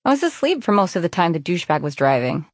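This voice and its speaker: A woman narrator voicing a sarcastic young woman who talks back defensively, pitched higher than her narration. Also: big pitch swings, quick pace, dry recording, clean studio sound.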